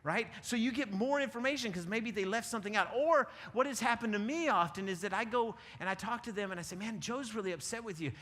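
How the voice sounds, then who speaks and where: High-voiced pastor preaching in a reverberant hall. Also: male voice, expressive, fast talker, hardly any pauses, a bit bright. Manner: conversational, repeats words when starting sentences. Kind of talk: sermon. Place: church sanctuary. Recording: long church reverb.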